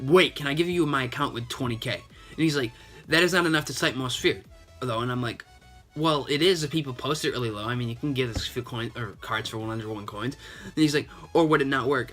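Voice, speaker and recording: A young man vlogging about a video game in a chatty, sarcastic way. His voice is bright and forward, at an everyday middle pitch. He sounds a little sick, with the odd sniffle. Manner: chatty, retelling a chat with lots of "and he's like". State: slightly sick, coughing and sniffling. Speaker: gaming YouTuber. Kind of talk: casual gaming vlog commentary.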